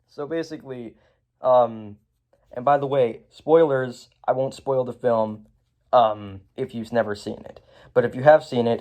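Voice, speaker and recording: A man's voice: medium pitch, fairly even intonation, measured pace, darkish tone. A man recapping a film in a casual review. He rambles, with lots of fillers, restarts and chuckles.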